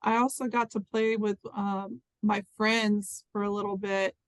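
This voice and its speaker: Flat-voiced earnest woman, dry sound. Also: mid-range voice, no room sound, rough recording. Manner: earnest, halting, full of fillers. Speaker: interview participant. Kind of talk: casual personal testimony.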